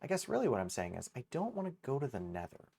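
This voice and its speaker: Man, game streamer, casual live chatter, self-deprecating, swears a lot, mid-pitched voice. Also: huge pitch swings, fast talker, vocal fry, mellow, slight background noise. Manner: rambling, self-mocking, swears freely. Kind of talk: casual gaming livestream chatter.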